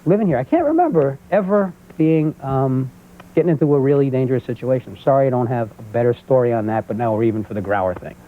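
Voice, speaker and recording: A man in his thirties with a New York accent, a comedian guest on a talk show telling stories and jumping into loud character voices. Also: medium pitch, quick pace. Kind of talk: talk show stand-up storytelling. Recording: tinny phone-like old VHS audio with faint hiss.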